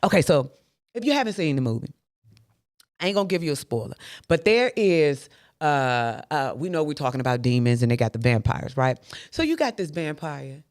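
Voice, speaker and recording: A woman's voice: low voice, moderate pace, no room sound. Woman host, motivational faith talk, preachy and direct, dry close recording. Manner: animated, preachy, talks straight to listeners.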